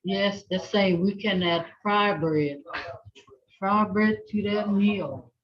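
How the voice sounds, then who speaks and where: A woman's voice: mid-range voice, slow. A woman teaching an online language lesson, patiently modeling words for a learner to repeat back. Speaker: language instructor. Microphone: video call. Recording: dull lo-fi video call audio.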